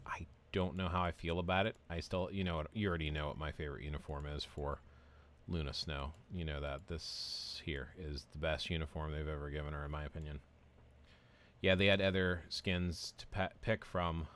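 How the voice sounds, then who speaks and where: A man with a low-pitched voice hosts a relaxed game stream. He talks in a loose, rambling way, answering his viewers' comments as he plays. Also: moderate pace. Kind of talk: casual live-stream chat while playing.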